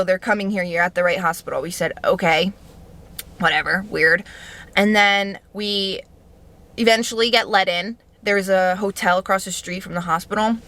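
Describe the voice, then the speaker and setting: A young woman talking to camera in a casual storytime monologue, animated and profane, acting out what people said. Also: medium pitch. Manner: animated, profane, acts out quotes. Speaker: vlogger telling a personal story.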